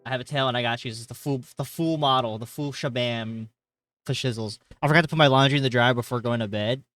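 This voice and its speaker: A man's voice: mid-range voice, quick pace, faint music behind. Rambling young man streaming, tired. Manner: rambling, jokey, reads chat aloud with sudden loud greetings. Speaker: livestreamer. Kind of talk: casual live-stream chat. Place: hot bedroom.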